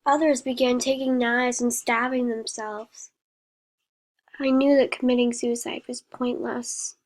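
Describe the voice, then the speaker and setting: A woman reading a horror story aloud in a slow, even way, with a few slips. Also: on the high side, poor audio.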